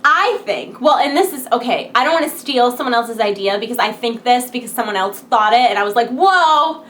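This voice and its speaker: Woman vlogger, higher voice, peppy rambling chat, giggly, over-caffeinated late-night energy. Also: brisk, a bit bright, slight background noise. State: wired on coffee late at night. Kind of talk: casual chat to camera.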